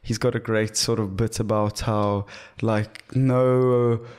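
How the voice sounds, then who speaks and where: A man's voice: on the low side, little pitch movement, takes it slowly, a little mellow, smooth. A South African man co-hosting a comedy podcast, chatting casually, joking, laughing often and slipping into silly voices. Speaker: podcast co-host.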